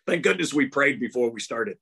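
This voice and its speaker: A man's voice: mid-range voice, expressive, unhurried, gravelly, sharp tone, breathy edge. An older man from Texas, a guest author telling stories in an earnest, rambling way. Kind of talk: casual interview talk.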